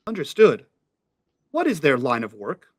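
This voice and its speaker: A man's voice: a little high, wildly swooping pitch, normal speed, dry recording. A man voicing a computer in a tabletop game, asking formal, clipped questions. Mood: interrogating. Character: terse questioning computer, genderless.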